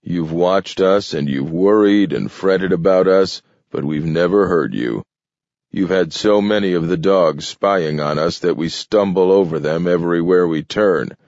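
A man's voice: sits low, a little mellow, no echo. A man playing a sly, amused mutant. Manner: mild, easygoing and mocking. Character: sly, amused male mutant, self-sufficient. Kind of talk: audiobook character voice. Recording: dull, dry studio read.

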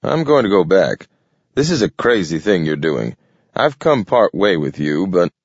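A man voicing a gruff, wary male wolf who grumbles at his companion in a storybook reading. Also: sits low, very animated, a little slow, no echo, lo-fi sound, exaggerated voice. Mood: nervous.

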